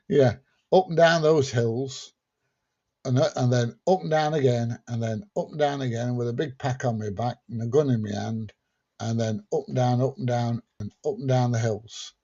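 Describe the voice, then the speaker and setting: A man's voice: mid-range voice, a little slow, warm tone, breathy edge, muffled recording. A man hosting a casual livestream, reading out viewer questions and answering them plainly. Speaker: livestream host answering chat. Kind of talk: casual chat.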